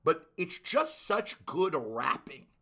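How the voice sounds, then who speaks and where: A man hosting a music reaction video, talking casually and breaking into loud excited exclamations. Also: a little high, slow pace. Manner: animated, bursts into shouted exclamations.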